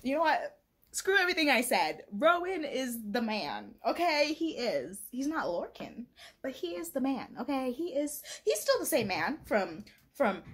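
A young woman talks casually to her camera about the books she is reading, gushing and laughing as she goes. Her voice sits a little high and is breathy and husky. It swings up and down a lot. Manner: gushing, laughs often, reads passages aloud. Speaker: book vlogger.

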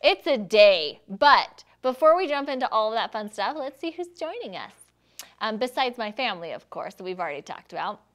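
A woman's voice: on the high side, sing-song, normal speed. A woman hosting a casual live stream, chatty and self-deprecating, laughing often between lines. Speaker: live show host.

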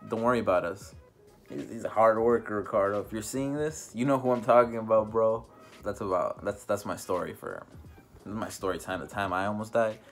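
A young man telling a casual storytime vlog, rambling with many fillers and restarts. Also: on the low side. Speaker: vlogger.

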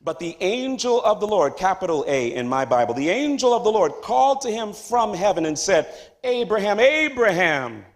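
A man preaching a sermon as pastor of a church, dropping to hushed tones and then rising to loud, high exclamations. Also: big pitch swings, brisk, few pauses. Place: church sanctuary.

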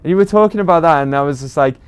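A man's voice: a little high, rapid-fire, clean tone. A man with a British accent, chatting casually to viewers while livestreaming a game, rambling with lots of ums and uhs. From Britain. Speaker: game streamer.

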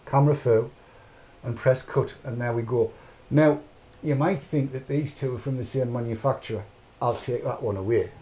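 Man, middle-aged, chatty podcast host, rambling, mid-pitched voice. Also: moderate pace, mellow, slight background noise. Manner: rambling, chatty, narrates his own actions aloud. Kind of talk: casual chat.

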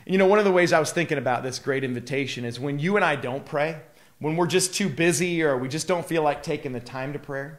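A man's voice: a little high, quick pace. A male pastor giving a live devotional talk, earnest and emphatic, with casual fillers.

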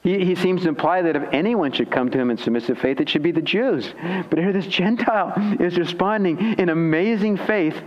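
Male pastor, sermon, fairly high voice, dull lo-fi church recording. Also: brisk. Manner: expository preaching with dramatized quotes, pitch swinging high and low. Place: church sanctuary.

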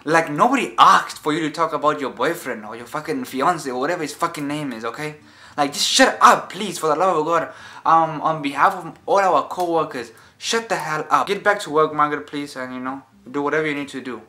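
A comedian ranting at a coworker in a comedy sketch, in an exasperated, profane, rapid manner. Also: male voice, fairly high pitch, bright, forceful tone.

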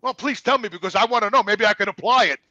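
A man's voice: high voice, quick pace, sharp tone, no echo, highs cut off. A middle-aged man, a truck driver, telling long blunt stories with constant swearing in a rambling, casual way. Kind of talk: casual storytelling.

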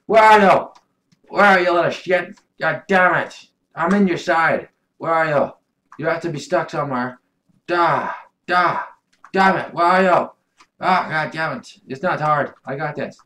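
Swearing, shouting gameplay commentator man. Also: fairly high pitch, a little slow, a little hiss or hum. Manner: yells and curses at the game. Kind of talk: video game commentary.

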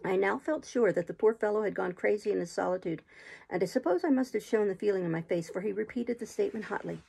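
A woman reading a classic adventure novel aloud as an audiobook in a steady, unhurried storytelling manner. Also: mid-range voice, gravelly, breathy edge, rough recording. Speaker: audiobook reader.

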